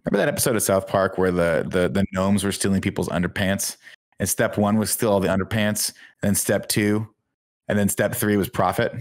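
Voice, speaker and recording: A man's voice: low voice, little pitch movement, fairly quick, no room sound. A man co-hosting a casual podcast, recapping a movie with dry sarcasm. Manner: wry, sarcastic storytelling. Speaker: podcast co-host.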